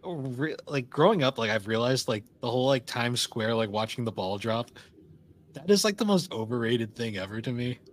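A podcast co-host with a medium-pitched, expressive voice chats casually at a moderate pace. He rambles with lots of fillers and laughs often.

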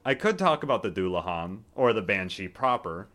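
Joking young man, lively bright voice. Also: deep voice, normal speed. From United States. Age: 20s. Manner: joking, rambling with fillers. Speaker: podcast co-host. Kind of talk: casual chat.

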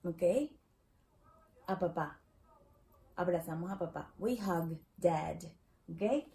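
Woman, Latin American Spanish accent, Spanish teacher, slow and patient, mellow tone. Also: on the low side, vocal fry, low-quality recording. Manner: patient, repeats words slowly for learners. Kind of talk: explaining a language lesson.

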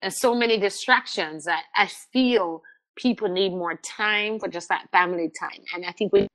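A middle-aged woman, a guest telling personal stories in an interview, animated and repeating words as she restarts sentences. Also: mid-range voice, normal speed. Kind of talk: candid conversational interview.

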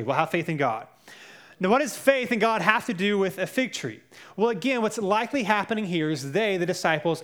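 A man's voice: sits high, a bit bright. A young male pastor preaching a sermon in a conversational way, telling personal stories.

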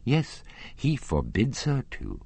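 Kindly old lady, chatty, easily laughing; voiced by a male audiobook reader, lively in pitch. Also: slow pace, vocal fry, breathy edge, exaggerated voice. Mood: matter-of-fact. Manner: chatty, laughing, then indignant. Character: kindly white-haired old lady, happy and candid.

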